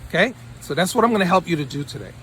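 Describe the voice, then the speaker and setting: Fairly high-voiced, emphatic male mentor. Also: animated, racing, fairly bright tone, slight background noise. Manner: emphatic, repeats lines for punch. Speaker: study-abroad mentor. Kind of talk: motivational talk to camera.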